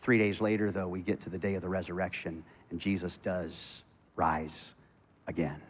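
Animated pastor preaching in a reverberant church. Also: male voice, low voice, moderate pace, breathy edge. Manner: animated storytelling, swings from loud excitement to hushed intensity. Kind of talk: sermon. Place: church sanctuary.

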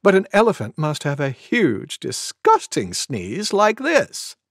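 Storybook deer, prissy and proper, lilting high voice, voiced by a man. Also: huge pitch swings, slow pace, fairly bright tone, no room sound, clean studio sound, full character voice. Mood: prim. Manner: sniffy and prim. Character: prim, fussy deer who sneezes politely.

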